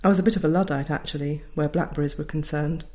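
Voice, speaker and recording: A woman's voice: low voice, fairly even intonation, fast, warm tone. A middle-aged woman, a writer reading her own memoir aloud in a wry, reflective way. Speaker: author.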